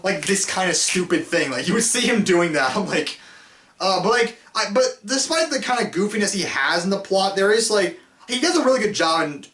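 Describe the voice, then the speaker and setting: A man talking through a casual film review, rambling, restarting his sentences and laughing now and then. His voice sits somewhat high. He sounds set back from the mic in a roomy, echoey space. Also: expressive, a little fast, a bit bright, far from the mic. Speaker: host reviewing films.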